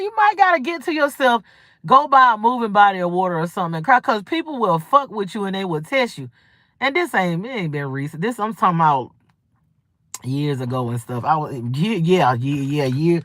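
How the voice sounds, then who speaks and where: A woman's voice: mid-range voice, a bit bright, dry recording, clean studio sound. A woman, hosting a livestream and talking in a blunt, rambling, profane and preachy casual monologue. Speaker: livestream host. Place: home livestream.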